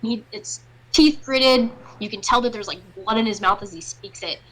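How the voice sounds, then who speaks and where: Woman GM narrating a tabletop session, relaxed chatty delivery, mid pitch. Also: moderate pace, low-quality recording. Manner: loose, chatty narration with fillers. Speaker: game master.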